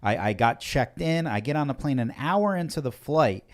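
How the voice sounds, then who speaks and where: A man from the American South, a podcast guest telling a story in a casual, animated, mocking way. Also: mid-range voice, normal speed.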